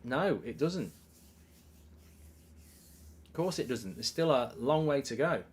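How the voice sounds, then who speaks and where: A man's voice: medium pitch, slow. Chatty man hosting a live stream. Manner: chatty, animated storytelling with swearing and asides. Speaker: live stream host reading super chats. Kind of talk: casual live watchalong chat.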